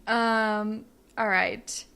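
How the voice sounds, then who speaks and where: Gravelly young woman podcast host. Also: mid-range voice, steady tone, extremely slow, sharp tone. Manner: rambling, filler-heavy, improvised storytelling. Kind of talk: casual chat.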